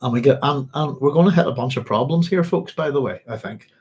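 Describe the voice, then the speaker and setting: Husky, rambling man. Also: mid-range voice, fast, darkish tone, low-quality recording. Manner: rambling, many ums and restarts. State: hiccups and sore throat. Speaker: book club host. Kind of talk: casual live-stream chat.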